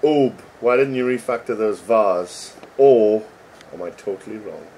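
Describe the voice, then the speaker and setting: A man's voice: fairly low pitch, measured pace, warm tone, a little hiss or hum. A middle-aged man, a game developer chatting casually and joking as he reads code names aloud. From England. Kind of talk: casual commentary while reading code.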